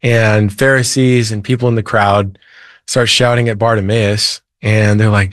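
Earnest low-voiced preacher man. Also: steady tone, measured pace, no room sound, clean studio sound. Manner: earnest storyteller. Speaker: preacher and author guest. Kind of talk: interview, retelling a Bible story.

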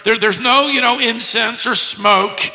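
Male preacher, emphatic teaching delivery, very bright tone, rhetorical questions. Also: extremely high pitch, measured pace, creaky, big-room sound, soft background music. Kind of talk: expository sermon.

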